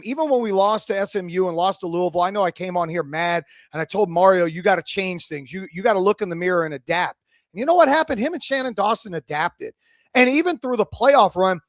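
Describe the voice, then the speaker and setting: A male sports radio host with a high-pitched voice, talking in a passionate, fired-up rush. The studio sound is dry and close. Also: no room sound. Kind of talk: excited sports radio talk.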